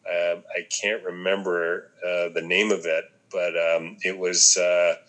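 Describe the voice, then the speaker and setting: Deep, bright-toned man musing thoughtfully. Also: level tone, unhurried, poor audio. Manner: reflective, thinks aloud with many ums and restarts. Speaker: podcast co-host discussing a film. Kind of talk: casual conversation.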